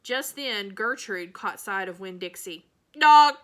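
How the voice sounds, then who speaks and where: Bright-voiced woman reading a children's novel. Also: medium pitch, moderate pace. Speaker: reader.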